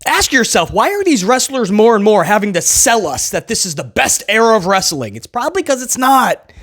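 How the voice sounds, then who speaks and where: Sarcastic man with a lively voice. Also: high-pitched, brisk. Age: adult who was a kid in the late 1990s. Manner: sarcastic, mocking, laughs at own jokes. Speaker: wrestling show reviewer. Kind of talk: casual commentary.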